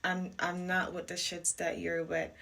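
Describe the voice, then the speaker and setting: A woman's voice: fairly low pitch, monotone, a little slow, creaky, fairly bright tone. A young woman telling a story on her vlog in a chatty, emphatic and sassy way. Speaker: vlogger.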